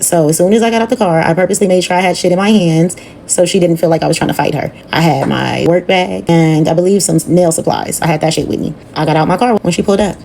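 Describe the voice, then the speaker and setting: A woman's voice: fairly low pitch, vocal fry, a little mellow, slight background noise. A woman nail technician telling a story from her work in a blunt, profane, casual storytime manner.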